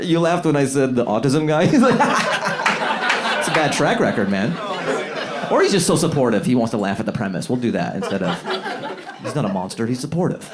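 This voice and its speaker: A man doing a loose, chatty stand-up set on a comedy club stage, acting out characters in high squeaky voices and laughing at his own bits. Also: very animated, brisk. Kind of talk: stand-up set trying new material. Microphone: handheld stage mic. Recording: live club with loud crowd laughter.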